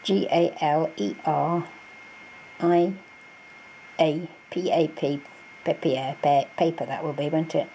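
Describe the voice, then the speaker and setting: A woman's voice: low-pitched, fairly even intonation, slow, vocal fry, long pauses, mellow, a little hiss or hum, rough recording. A woman crafting vlogger in a casual show-and-tell, chatty and gushing, with many fillers, recorded on a camera mic at home.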